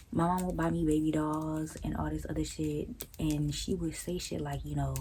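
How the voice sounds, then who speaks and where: A young woman telling a story to her vlog audience in a blunt, profane, animated way, sometimes jumping to high incredulous tones. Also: normal speed, few pauses, slight background noise, rough recording. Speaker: vlogger. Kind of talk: casual storytelling rant.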